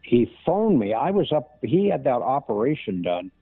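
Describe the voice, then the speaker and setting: An older man, an impressionist, telling showbiz anecdotes in a halting, storytelling way over a tinny line. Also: medium pitch, very animated, breathy edge, no room sound. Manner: anecdotal, halting with many restarts. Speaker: impressionist guest. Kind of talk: casual interview storytelling. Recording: tinny phone-like line, dry.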